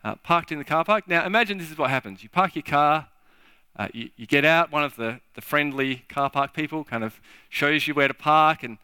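A man preaching a sermon in a halting, repetitive way, acting out little scenes as he talks. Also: fairly high pitch, bright, forceful tone, clear, resonant tone, dry recording. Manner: halting, repeats words, acts out little scenes. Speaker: pastor. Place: church.

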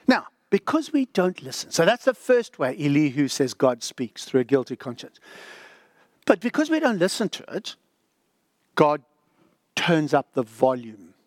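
Dramatic, high, animated older preacher. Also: male voice, measured pace, no room sound, studio quality. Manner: dramatic, drops to a whisper for the inner voice. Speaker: pastor. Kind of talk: sermon.

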